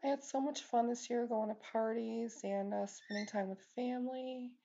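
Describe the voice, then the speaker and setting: A woman's voice: a little high, steady tone, normal speed, vocal fry, warm tone, highs cut off. A middle-aged woman talking casually to her viewers as a beauty vlogger, upbeat and chatty with lots of ums and likes. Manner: chatty, upbeat, many fillers. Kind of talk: casual vlog chat.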